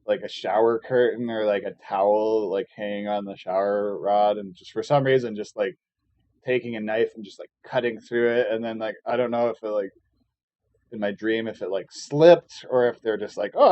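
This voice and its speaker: A man's voice: medium pitch, darkish tone, no room sound, highs cut off. A man streaming a casual, rambling rant full of filler words and profanity, often sarcastic and mocking. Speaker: live streamer. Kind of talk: casual ranting monologue.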